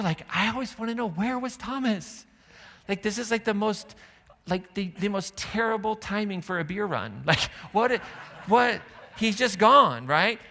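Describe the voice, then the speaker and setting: A man preaches to his congregation with a bright, forward tone that rides a little above the usual male pitch. He talks loosely and conversationally, tossing in asides and questions to the room as he tells the story. The sanctuary adds a long, ringing reverb to every phrase. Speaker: pastor. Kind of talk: sermon. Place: church sanctuary.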